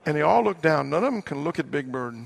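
A man preaching a sermon, earnest and slowing down to stress his key words. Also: fairly high pitch, animated, creaky. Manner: earnest, slows down for emphasis. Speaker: pastor.

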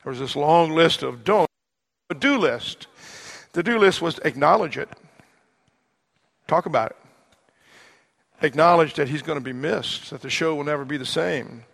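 A man preaching a sermon, earnest and slowing down to stress his key words. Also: fairly high pitch, vocal fry, fairly bright tone. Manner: earnest, slows down for emphasis. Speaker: pastor.

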